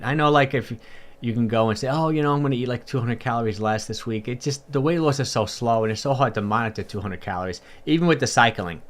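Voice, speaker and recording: A man, a fitness coach, talking casually on a livestream and answering viewer comments in a chatty, upbeat way with lots of fillers and repeats. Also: lowish voice.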